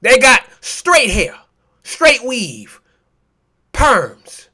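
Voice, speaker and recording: A male preacher with a very high, bright voice delivers a sermon full of rhetorical questions and biting mockery. He is impassioned and scornful, often dropping into a low, quiet aside. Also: wildly swooping pitch, drawn-out words, slightly rough. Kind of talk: sermon with scripture reading.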